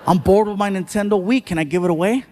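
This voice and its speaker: A man voicing his spoiled young son, who speaks in a flat, offhand way. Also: sits high, fast, lightly acted. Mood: bored.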